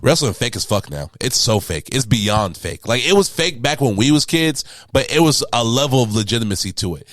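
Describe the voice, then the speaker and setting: A man's voice: medium pitch, very animated, a little fast, few pauses, a bit bright, dry recording, clean studio sound. A man in his twenties co-hosting a podcast, bantering casually in slang and swearing freely. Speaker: podcast co-host. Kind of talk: casual chat.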